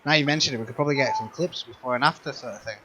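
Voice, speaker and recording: A man co-hosting a podcast who cuts in with loud jokes during casual banter. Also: medium pitch, rapid-fire, slight background noise, poor audio. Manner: joking, interrupting, loud. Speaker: podcast co-host.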